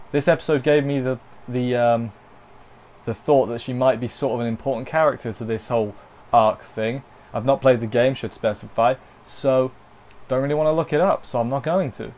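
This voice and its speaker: A man's voice: mid-range voice, a little mellow. A man giving a casual, unscripted anime review, rambling with jokey asides and correcting himself as he goes.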